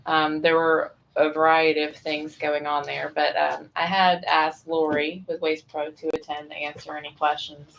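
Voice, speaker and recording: A woman's voice: deep voice, level tone, moderate pace, creaky, hardly any pauses, fairly bright tone, low-quality recording. A woman on city staff giving a matter-of-fact report at a committee meeting. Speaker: city public works staff. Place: council meeting room.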